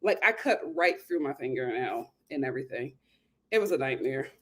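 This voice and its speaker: A woman's voice: rumbling low, lively intonation, moderate pace. A woman hosting a casual live stream, ranting and greeting viewers by name.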